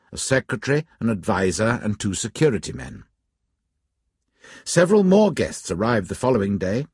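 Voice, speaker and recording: A man narrating a story in a calm, orderly way. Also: fairly low pitch, husky, no echo, studio quality.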